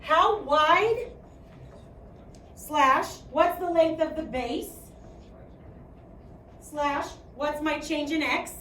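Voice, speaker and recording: A woman's voice: sits high, extremely slow, pauses often, fairly bright tone, slight background noise. A young woman teacher with a Midwestern Chicago accent, leading a math class in a chatty, projecting way and checking in with "okay?" as she goes. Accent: Midwestern American, Chicago. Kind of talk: classroom lecture. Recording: echoey classroom from far off.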